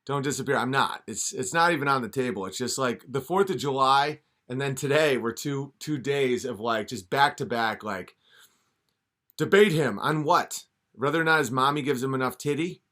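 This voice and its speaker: A man's voice: medium pitch, normal speed, pushed and bright. A man hosting a podcast in a rambling comedic rant, often restarting mid-sentence. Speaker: podcast host.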